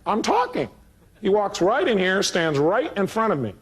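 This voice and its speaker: A man with a high-pitched, slightly rough voice speaks at normal speed during a live motivational seminar. Full of animated energy, he narrates a story and performs both sides of its dialogue.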